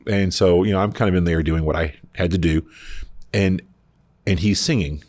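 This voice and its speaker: Very deep-voiced podcast host. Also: male voice, moderate pace, no echo. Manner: animated, rambling storyteller. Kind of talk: casual storytelling chat.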